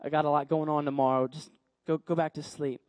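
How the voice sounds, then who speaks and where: A weary old priest, roused from sleep, speaks slowly in a lowered, drowsy voice, as a preacher puts him on. He stammers and trails off like a patient man who only wants to get back to bed. The sound is dry and close. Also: little pitch movement, a little mellow, no room sound, lightly acted.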